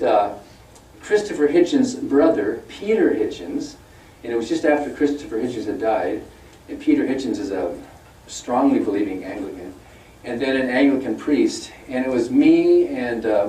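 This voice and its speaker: A man's voice: medium pitch, mellow, slight background noise. An older man giving a conversational public lecture, telling stories with lots of fillers and mimicking opponents in a mocking voice. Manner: conversational storytelling, with many fillers. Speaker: guest speaker. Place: lecture room at a university event. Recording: roomy hall, mic at a distance.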